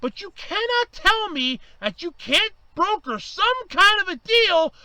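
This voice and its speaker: A man ranting angrily to camera, swearing and raising his voice to yelling, his voice strained from shouting. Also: very high voice, big pitch swings, unhurried, hardly any pauses, crowd noise, low-quality recording. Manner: heated, swearing, raises voice to yelling. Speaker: vlogger. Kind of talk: angry ranting monologue.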